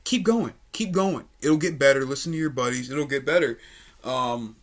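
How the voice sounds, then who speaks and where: A podcast host in his twenties tells a story in his mid-range voice at a normal speed. The chat is laid-back and casual, with free swearing and frequent laughter.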